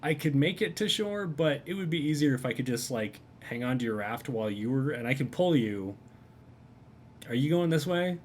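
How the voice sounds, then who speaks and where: A man's voice: mid-range voice, expressive, normal speed, a little hiss or hum, close to an everyday voice. A man voicing a wounded, one-armed male scrag creature who coaxes politely in a tabletop game. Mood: coaxing.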